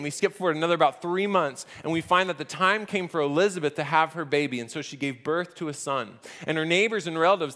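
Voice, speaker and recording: A man preaching a sermon from a church stage in a conversational, animated way, acting out the scenes. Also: fairly high pitch. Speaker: pastor. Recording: echoey hall reverb.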